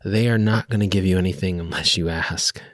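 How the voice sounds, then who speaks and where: A man's voice: low voice, brisk, no echo, clean studio sound. A man hosting a casual interview, chatty and encouraging, who talks about advising patients. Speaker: host, medical professional.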